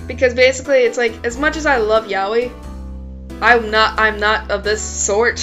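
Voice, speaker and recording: Woman streamer, high voice, blunt chatty asides, faint game music behind. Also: fairly even intonation, moderate pace, fairly bright tone. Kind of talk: casual let's-play commentary.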